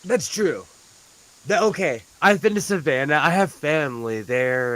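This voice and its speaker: A man's voice: on the high side, lively intonation, moderate pace, fairly bright tone, no echo, rough recording. A man from California chatting casually on a live stream, rambling through stories and laughing often. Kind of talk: casual chat.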